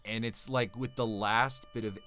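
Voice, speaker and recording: A man narrating as game master in a relaxed, rambling way with many fillers. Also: on the low side, moderate pace, a little hiss or hum.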